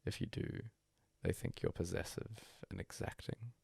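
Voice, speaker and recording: A man reading a bedtime story aloud as a hushed, breathy first-person monologue. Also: sits low, normal speed, no room sound. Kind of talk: soft-spoken story reading.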